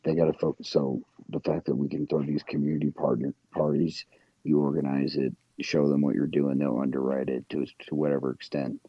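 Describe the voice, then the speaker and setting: A man's voice: a bass voice, flat delivery, brisk, husky, no room sound. A man chatting bluntly and sarcastically on a live audio call, over muffled lo-fi audio. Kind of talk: casual chat.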